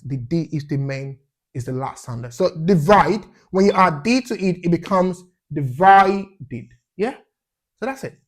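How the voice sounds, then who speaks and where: Speaking in a slightly high voice, a man runs pronunciation drills for English learners, repeating sounds and asking "yeah?" after each point to check in.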